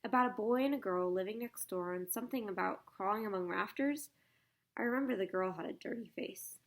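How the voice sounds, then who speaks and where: A woman reading the part of a curious, eager English schoolboy in an audiobook, in a lively, excitable manner. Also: medium pitch, brisk, close to an everyday voice. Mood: dreamy.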